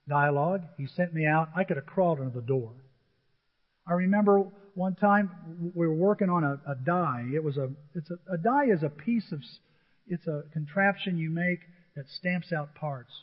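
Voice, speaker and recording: A man gives a sermon as pastor, chatting and telling stories with acted-out quotes. His voice sits a little high. The sound is dull and rings with a long hall reverb. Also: fairly quick. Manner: conversational storytelling with acted quotes.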